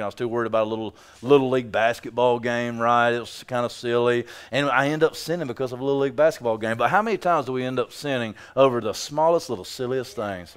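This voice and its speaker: A man preaching a sermon in a conversational, joking way, with sudden loud bursts. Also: fairly high pitch, smooth. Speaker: pastor.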